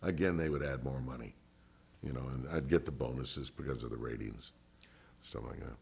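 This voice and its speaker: A man's voice: a bass voice, moderate pace, gravelly, breathy edge. An older man, a former radio DJ, telling stories in an oral history interview and acting out the voices of people he quotes. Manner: animated storyteller who acts out others' voices.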